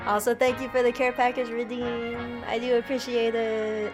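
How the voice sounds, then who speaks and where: A woman's voice: a little high, level tone, moderate pace, hardly any pauses. A woman streaming a game playthrough, chatting casually, often breaking into giggles and teasing the game's lines. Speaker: VTuber streamer. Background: game music.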